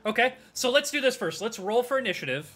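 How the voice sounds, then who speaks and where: A man's voice: very high voice, animated, fast, pushed and bright, faint music behind. A man narrating as game master for a tabletop game, rambling loosely with hedges.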